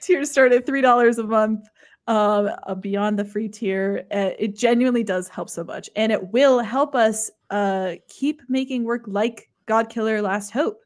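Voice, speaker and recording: Earnest woman with a fairly high voice. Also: a little slow. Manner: earnest, pleading, warm thanks. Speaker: producer, dramaturg and performer. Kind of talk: casual panel interview.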